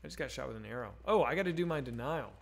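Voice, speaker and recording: A man's voice: medium pitch, lively intonation, very fast, creaky, slight background noise. Profane, rambling male streamer. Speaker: streamer reading chat. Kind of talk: casual live-stream chat while gaming.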